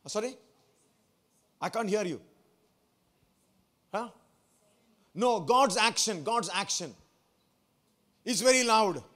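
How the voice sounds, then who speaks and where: A man's voice: high voice, expressive, takes it slowly, pauses often, a bit bright. A man, a pastor, preaching a sermon to his church, asking the congregation questions and repeating phrases for emphasis.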